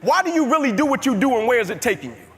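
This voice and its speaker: A man with a very high, sing-song voice speaks rapid-fire, delivering a live motivational speech to an audience in a large hall. He is emphatic and builds his points through repeated phrases. The recording is reverberant, with music playing underneath.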